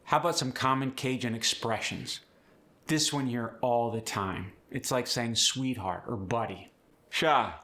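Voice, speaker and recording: A man coaching pronunciation in a clear, upbeat, instructive manner. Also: medium pitch, measured pace, pushed and bright. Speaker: accent coach. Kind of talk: pronunciation tutorial.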